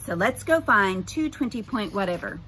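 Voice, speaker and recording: A woman's voice: medium pitch, lively intonation, moderate pace, sharp tone, a little hiss or hum, low-quality recording. A woman voicing a wry teenage girl with dry joking delivery.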